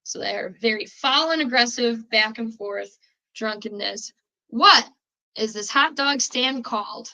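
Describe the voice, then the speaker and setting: Bright-voiced young woman with a Chicago accent. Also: on the high side, unhurried, low-quality recording. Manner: chatty and rambling, with many fillers and restarts. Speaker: podcast host running a quiz. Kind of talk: casual chat.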